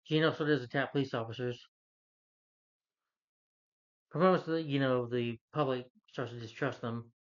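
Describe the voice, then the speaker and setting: A man's voice: medium pitch, fairly even intonation, moderate pace, long pauses. Rambling male film reviewer, lo-fi. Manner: rambling, full of "you know" fillers, exasperated. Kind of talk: rambling casual review rant.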